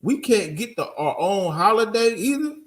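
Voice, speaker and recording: High-voiced man preaching bluntly. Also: sing-song, normal speed. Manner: emphatic, keeps asking "you understand?"; blunt and profane. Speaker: group teacher. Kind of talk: street preaching lesson.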